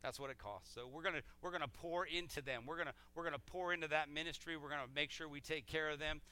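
Bright, clear-voiced man rallying a congregation. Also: a little high, fairly even intonation, quick pace. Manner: enthusiastic, repeats words as he rallies the congregation. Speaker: church pastor making announcements. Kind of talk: casual church announcements before the sermon.

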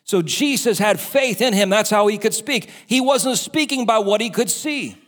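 Male pastor, high voice, preaching, acts out the doubters' and the devil's voices. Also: expressive, moderate pace, a bit bright. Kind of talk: sermon.

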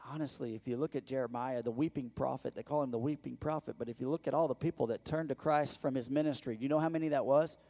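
Here a male pastor gives a conversational sermon, putting questions to the congregation and performing quoted voices. He alternates between loud bursts and quiet, low-voiced asides.

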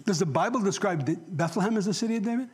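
A man's voice: high voice, lively intonation, very fast, breathy edge. A male pastor giving a conversational sermon in church, often asking the congregation questions and joking.

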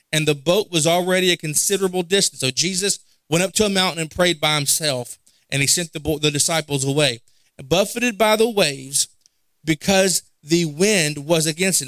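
High-voiced pastor preaching a sermon. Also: male voice, fairly bright tone, dry recording. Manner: preaches with rhetorical questions and repetition; acts out Bible dialogue in character.

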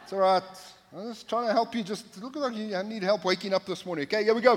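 A man's voice: high voice, fast talker, hardly any pauses. A man preaching a sermon from the pulpit, speaking emphatically and repeating his key phrases, with joking asides to the congregation. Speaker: pastor. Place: church sanctuary, at the pulpit. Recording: long hall reverb.

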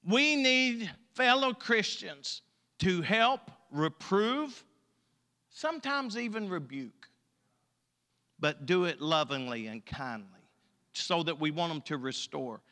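A male pastor preaching a sermon, emphatic and folksy, his loudness rising and falling. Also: high-pitched, expressive, takes it slowly. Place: church sanctuary. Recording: long church hall reverb.

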